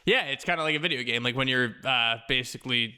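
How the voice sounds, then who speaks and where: A man's voice: mid-range voice, fast, bright, forceful tone, smooth. A man co-hosting a podcast, talking casually about a movie with hesitant fillers and laughs. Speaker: podcast co-host.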